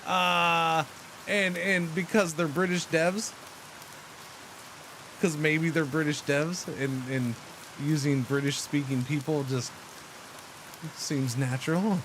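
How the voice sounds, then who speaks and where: A man streaming a game, chatting casually with his viewers in an animated, joking way. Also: on the high side, slow pace, long pauses, a little hiss or hum. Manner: animated, joking, talks to chat. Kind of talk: casual live-stream commentary.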